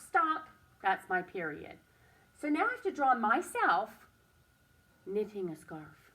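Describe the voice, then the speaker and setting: Clear-voiced woman teaching young children. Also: mid-range voice, lively intonation, sharp tone, far from the mic. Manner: slow, clear and encouraging, stressing each word.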